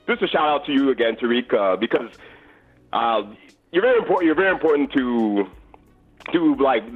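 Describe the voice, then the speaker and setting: Earnest Canadian caller on a dull phone line. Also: male voice, mid-range voice. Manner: earnest and halting, with many restarts. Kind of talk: phone-in chat.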